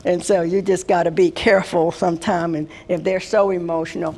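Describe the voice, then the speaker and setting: An older woman from Washington, D.C. gives a workshop on handling conflict at work, talking to the room in a folksy, no-nonsense way. Her voice sits a little low and has a gravelly edge. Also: flat delivery, brisk, hardly any pauses, dark tone. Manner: folksy, direct, addresses the room as "guys". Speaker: HR consultant and speaker. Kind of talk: workshop talk.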